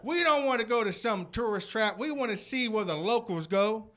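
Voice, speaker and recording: A man's voice: sits high, lively intonation, moderate pace, a bit bright. A man voicing a group of eager, pushy tourists in a stand-up bit.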